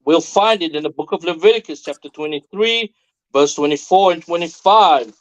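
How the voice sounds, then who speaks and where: A man's voice: a little high, moderate pace, poor audio. A man making formal announcements and ceremonial call-outs to a religious class.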